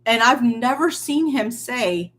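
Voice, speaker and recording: A woman preaching a sermon in an earnest, emphatic way, swinging between loud stresses and quiet, near-hushed lines. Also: fairly high pitch, lively intonation, slow.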